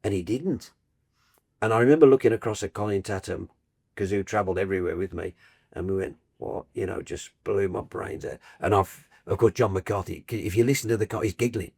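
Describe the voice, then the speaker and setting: An older man from Birmingham, England, a football broadcaster telling lively anecdotes in a podcast chat and acting out the people in his stories. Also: on the low side, brisk, gravelly, slightly rough. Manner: animated storyteller, acts out voices in his tales.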